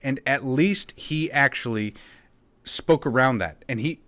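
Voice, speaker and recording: A man's voice: medium pitch, a little slow, bright, forceful tone. A man co-hosting a casual podcast, talking steadily and firmly about his views, with short laughs. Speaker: podcast co-host. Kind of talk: casual political podcast chat.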